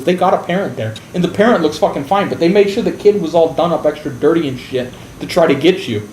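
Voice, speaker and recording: A man's voice: on the high side, fast talker, hardly any pauses, darkish tone. A man from the United States telling a story on his game stream, blunt and full of swearing. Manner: profane, blunt, heavy swearing. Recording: roomy with faint background noise.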